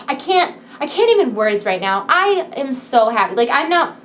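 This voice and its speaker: A woman vlogger talks casually to her viewers in a fairly high voice, peppy and rambling, with frequent giggles. She sounds wired on coffee in the small hours. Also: very animated, a little slow, a bit bright, a little hiss or hum. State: wired on coffee late at night. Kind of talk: casual chat to camera.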